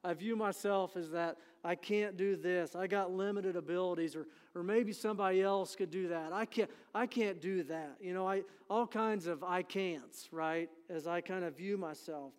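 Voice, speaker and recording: A man's voice: sits high, steady tone, normal speed, hardly any pauses, clear, resonant tone, big-room sound. A middle-aged man preaching a sermon as pastor, folksy and conversational, often asking for an amen. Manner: conversational and folksy, frequent "you know" and "amen". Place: church sanctuary.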